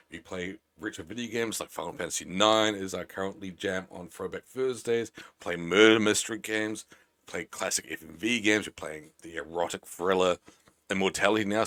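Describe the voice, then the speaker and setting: A man's voice: low voice, a bit bright. A man from New Zealand with a Kiwi accent, chatting playfully as a game streamer on a live stream. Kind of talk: casual live-stream chat.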